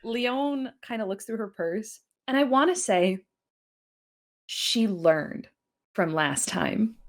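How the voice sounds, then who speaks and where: A woman's voice: medium pitch, expressive, slow. Woman player, everyday mid voice, casual rambling. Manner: casual, hesitant, filler-heavy. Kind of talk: playing a tabletop game.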